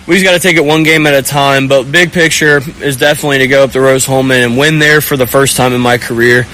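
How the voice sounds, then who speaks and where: This is a young man in his twenties, a college quarterback giving an interview. He talks earnestly and haltingly, stopping and restarting mid-thought. A faint hum of traffic and outdoor ambience sits behind his mid-pitched voice. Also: fairly even intonation, pushed and bright, low-quality recording. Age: young adult. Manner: earnest, halting, searching for words. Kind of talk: postgame sideline interview.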